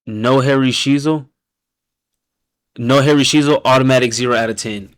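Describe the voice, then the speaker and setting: A man hosting a live reaction stream, loud and blunt, who swears freely and often laughs. When he reads out names his voice drops to a low mumble, and then he bursts out with his verdict again. His voice sounds close and dry, with no room echo at all. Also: steady tone, normal speed, pauses often, smooth. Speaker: host reacting to viewers' fan-picked football teams.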